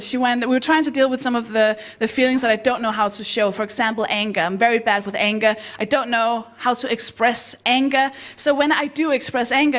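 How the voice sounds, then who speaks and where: A woman with a notably high voice performs stand-up with dry, self-mocking delivery. She breaks now and then into shrill, excited voices for the people in her stories. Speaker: stand-up comedian and compere. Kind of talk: stand-up comedy set.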